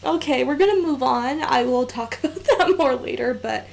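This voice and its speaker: A woman's voice: sits high, normal speed, vocal fry, few pauses, a little mellow. A woman hosting an anime reaction video, gushing and laughing between effusive comments in casual commentary. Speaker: anime reaction channel host.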